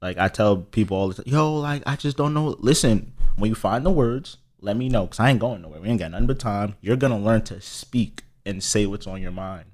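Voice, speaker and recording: A man's voice: fairly low pitch, brisk, few pauses, darkish tone. A man co-hosting a podcast, speaking emphatically in casual, slangy chat. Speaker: podcast co-host.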